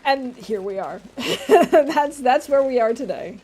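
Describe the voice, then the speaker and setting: A woman's voice: high voice, animated, slow, a little mellow, slightly rough. A young woman streaming a survival game from home, chatting casually with viewers and laughing often. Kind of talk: casual gameplay commentary.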